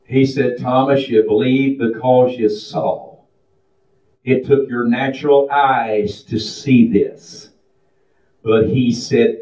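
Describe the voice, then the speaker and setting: A man preaching a sermon in a folksy style that builds into a fervent chant. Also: mid-range voice. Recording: distant, echoey, muffled room recording.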